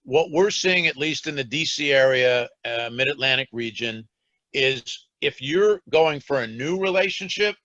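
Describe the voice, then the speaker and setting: A man's voice: mid-range voice, lively intonation, unhurried, pushed and bright, no room sound. A man weighs in on a finance panel in a careful, qualifying way, padding his points with fillers. His sound is dull and muffled, like remote-call audio, with no room sound at all. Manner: cautious, qualifying, filler-heavy. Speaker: banking panelist. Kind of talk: panel discussion on a video call.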